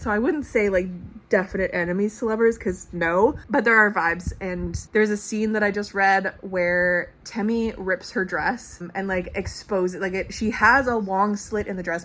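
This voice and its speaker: A young woman from the Canadian prairies talking in a casual book vlog at home, chatty and excitable with a lot of swearing and "like". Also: mid-range voice. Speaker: book vlogger. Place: home at night. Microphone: small clip-on mic.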